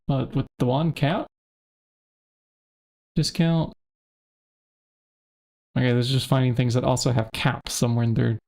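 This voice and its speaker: A man's voice: mid-range voice, steady tone, measured pace, vocal fry, long pauses, darkish tone. A man streaming a modded game, chatting casually and thinking aloud as he searches through items. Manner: thinks aloud, muttering to himself while searching. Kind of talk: casual gameplay commentary.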